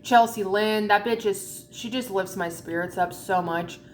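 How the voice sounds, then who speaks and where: A woman's voice: medium pitch, measured pace, echoey room, slight background noise. A woman vlogger chatting casually while eating, rambling and candid with a lot of swearing.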